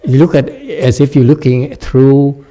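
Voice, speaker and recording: A man's voice: mid-range voice, sing-song, a little slow, dark tone. A man giving a meditation dharma talk and answering questions. He laughs often and keeps checking in with "okay?". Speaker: Chan meditation teacher.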